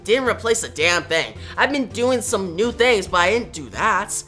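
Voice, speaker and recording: A reviewer reads out a chatty male tenant from a comic. He rambles casually and dodges questions. The voice is bright. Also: mid-range voice, lively intonation, moderate pace, faint music behind. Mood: evasive.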